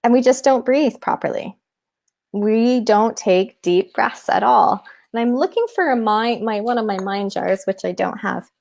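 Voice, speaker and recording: Gravelly-voiced woman explaining mindfulness. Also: on the high side, measured pace. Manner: animated, demonstrates with props and breathing. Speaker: guest, children's mindfulness teacher. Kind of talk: conversational interview explaining techniques.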